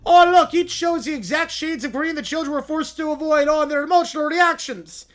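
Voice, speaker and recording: A man's voice: extremely high pitch, fairly quick, fairly bright tone, pitched above the performer's own voice. A man doing a whiny, self-pitying complainer with a mock Irish lilt. He pushes his voice well above his usual register and loads it with nasal, sobbing indignation, as if every slight were a courtroom outrage. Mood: whiny, indignant. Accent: fake Irish. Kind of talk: reading a story aloud, doing voices.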